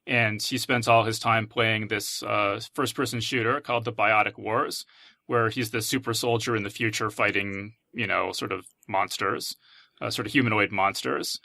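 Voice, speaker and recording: A male podcast host in casual chat, summing up a plot at length in a relaxed, easy way. His voice is bright and forward, and the sound is close and dry. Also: fairly low pitch, moderate pace, creaky, no echo.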